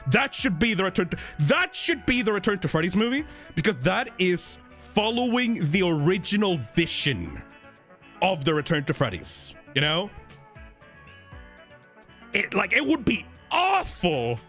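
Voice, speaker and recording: Animated, excitable male streamer. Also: high voice, a little slow, soft background music. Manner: excitable, giggly, swears freely. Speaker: livestream host reading donations. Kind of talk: casual livestream chat.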